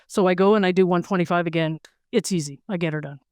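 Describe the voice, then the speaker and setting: A woman's voice: on the low side, fast talker, no echo, studio quality. A middle-aged woman, an interview guest, telling stories casually and acting out quotes with animation. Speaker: interview guest, weightlifter and lawyer. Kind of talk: casual storytelling.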